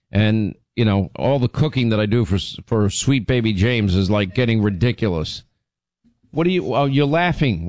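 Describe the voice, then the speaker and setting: A man hosting a radio show, telling stories in casual chat, his voice jumping up in pitch when he gets indignant. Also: no echo. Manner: animated storytelling, pitch jumps when indignant.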